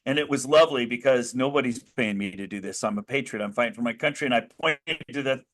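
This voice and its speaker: A man's voice: medium pitch, fast. Earnest American man, restless storyteller. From United States. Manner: earnest, animated storytelling with frequent restarts. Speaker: interview guest. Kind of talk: conversational interview.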